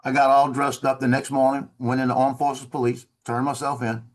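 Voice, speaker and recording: A man's voice: mid-range voice, a little fast. Man with a drawl telling a story. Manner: animated, acts out quoted officers. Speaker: former Marine telling a story. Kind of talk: casual storytelling on a video call. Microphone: video call.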